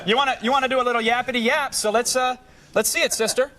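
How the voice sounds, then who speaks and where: A man co-hosting a live TV show, bantering loudly and playfully with jokes. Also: very high voice, fairly even intonation, fast. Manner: joking, loud and playful. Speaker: TV show co-host. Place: TV studio.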